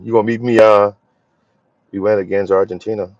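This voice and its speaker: A man chats loosely with his viewers, his voice sitting on the low side. He rambles in an easygoing way, trailing into fillers and starting sentences over. The sound is dull and lo-fi, captured dry on a phone with no room around it. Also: level tone, brisk, dry recording. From Philadelphia, USA. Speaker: livestream host. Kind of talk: casual live chat with viewers.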